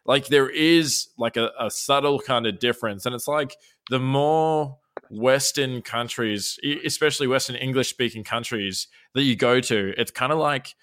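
A man's voice: medium pitch, normal speed, a bit bright. A young Australian man hosting a casual chat, rambling with restarts and acting out little quoted exchanges. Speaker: podcast host.

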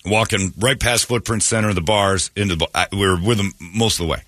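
A man's voice: fairly low pitch, a little fast, a bit bright, no room sound. A male radio show host telling a story in a rambling, sarcastic, mocking way on a studio mic. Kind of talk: casual talk radio storytelling. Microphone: studio microphone.

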